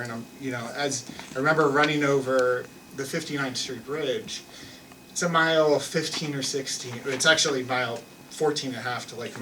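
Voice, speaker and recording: A man's voice: mid-range voice, distant mic, background noise. Man telling a story on stage, self-mocking. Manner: conversational, self-mocking, many restarts and fillers. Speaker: live storyteller. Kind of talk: personal story told on stage. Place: theater stage with an audience.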